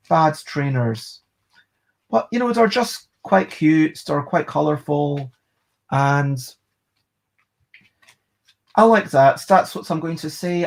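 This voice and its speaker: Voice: mid-range voice, vocal fry. A board game reviewer, giving a casual, rambling video review and thinking aloud.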